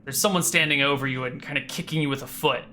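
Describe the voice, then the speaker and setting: A game master narrating a tabletop role-playing game, casual and quick, with fillers and asides. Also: mid-range voice, pushed and bright, faint music behind.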